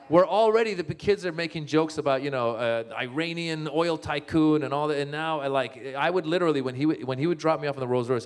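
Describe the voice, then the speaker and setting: A man who grew up in Northern California and speaks, telling comic stories about his family and laughing often. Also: mid-range voice. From born in Iran, grew up in Northern California. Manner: animated, laughing, acts out family members' voices. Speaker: comedian and author, guest speaker. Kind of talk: comic storytelling talk.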